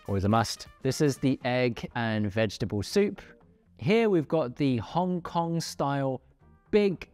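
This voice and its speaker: Lively, playful man presenting food. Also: mid-range voice. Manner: chatty, playful, lively intonation, jokey asides. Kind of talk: casual on-camera food review.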